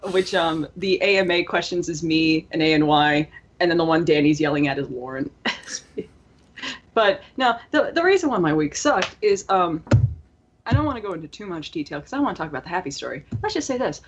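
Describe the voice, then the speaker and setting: A woman in her early twenties talks with a hoarse, raspy voice that sits low for her age. She rambles through a story on a casual podcast, full of fillers and restarts. The audio is a little muffled and lo-fi. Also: lively intonation, moderate pace. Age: early 20s. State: hoarse, strained voice. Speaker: podcast co-host.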